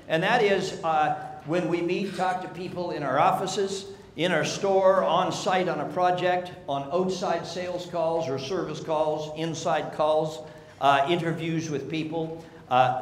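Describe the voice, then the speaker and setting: A man with a somewhat high voice addresses a seminar, mixing anecdotes with rhetorical questions. His voice rings through a large echoey hall. Faint ambience sits underneath. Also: a little hiss or hum. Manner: storytelling with rhetorical questions to the audience. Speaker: seminar speaker. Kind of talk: business seminar talk.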